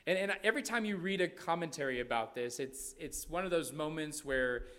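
A man's voice: fairly high pitch, fairly bright tone. A man preaching a sermon, emphatic, often checking in with "right?" and repeating his points. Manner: repeats phrases and restarts words.

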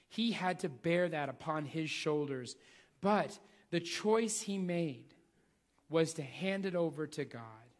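A man preaching a sermon, reading scripture aloud and pressing his points with earnest repetition. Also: on the high side.

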